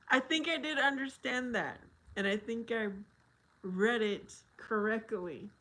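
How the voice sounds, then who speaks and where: Woman stream host, unhurried, drawls out chat messages between giggles. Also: on the high side, pushed and bright. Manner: slow, drawn-out reading with frequent laughter. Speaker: livestream host. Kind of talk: casual live chat, reading viewer comments aloud.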